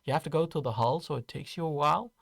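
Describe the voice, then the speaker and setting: Gravelly game master, halting delivery. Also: male voice, fairly high pitch, fairly bright tone, no echo, clean studio sound. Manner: halting, many fillers and restarts. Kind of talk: narrating a tabletop game.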